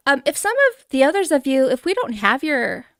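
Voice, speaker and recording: A woman's voice: high-pitched, big pitch swings, brisk, no room sound, clean studio sound. Bubbly, giggly woman streamer. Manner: greets chatters warmly by name. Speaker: livestream host. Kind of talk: casual live-stream chat with viewers.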